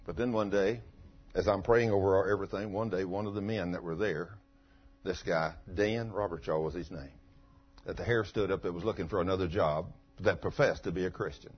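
A man's voice: sits low, fairly even intonation, a little fast, breathy edge. A man preaching in a folksy sermon, telling a testimony and rising to fervent outbursts. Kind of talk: sermon storytelling. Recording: dull lo-fi recording.

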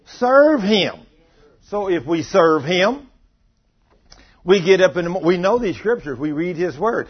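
Folksy husky preacher man. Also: sits high, animated, normal speed. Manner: folksy, conversational, acts out quoted voices. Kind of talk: sermon. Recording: muffled lo-fi recording.

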